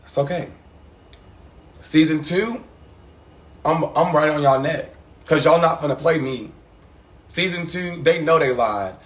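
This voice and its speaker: A man's voice: fairly high pitch, unhurried, pauses often, roomy sound. A young man, talking frankly and emphatically on a casual live stream. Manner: frank and emphatic, retelling grievances. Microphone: phone.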